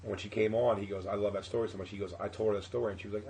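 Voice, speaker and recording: A man, a podcast guest telling a profane, animated comedic story and acting out his own shouting. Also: fairly low pitch, very fast, dull audio.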